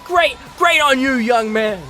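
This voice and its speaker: A man calling a wrestling match play-by-play, energetic and often shouting. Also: very high-pitched, measured pace, soft background music. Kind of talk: excited play-by-play commentary.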